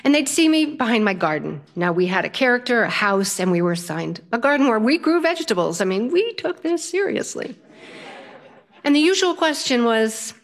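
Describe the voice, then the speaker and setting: An older woman storyteller, lively and self-mocking as she tells a funny personal story on stage. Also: mid-range voice, normal speed.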